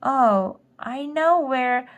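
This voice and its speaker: A woman voicing a quick-thinking young boy, polite and eager, pleading with an ant queen in a storybook reading. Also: high-pitched, animated, lo-fi sound, voice pushed up, full character voice.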